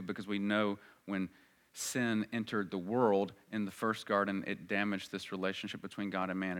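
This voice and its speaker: A man preaching a sermon in an earnest voice that swells loud and high at emphatic moments.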